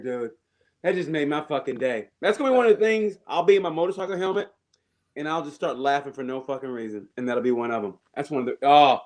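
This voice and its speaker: Male stand-up comic, lively storyteller with a slightly raised voice, cursing and laughing through podcast chat. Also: on the high side. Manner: animated storyteller, laughs often, swears freely. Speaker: stand-up comedian, podcast guest.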